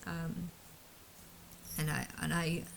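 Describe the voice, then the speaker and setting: A woman's voice: low voice, little pitch movement, slow, creaky, slight background noise, low-quality recording. A woman talking alone to camera in an unscripted monologue, angry and distressed, ranting bitterly and swearing often. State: emotionally distressed. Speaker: vlogger.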